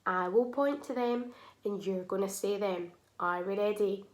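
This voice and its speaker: Speaking at medium pitch, a teacher walks young children through phonics, pronouncing words slowly and distinctly and praising them often.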